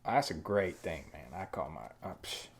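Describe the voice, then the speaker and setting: A man's voice: low voice, lively intonation, moderate pace, vocal fry. A man co-hosting a casual podcast chat in a put-on American Southern drawl, joking and swearing freely. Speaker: podcast co-host.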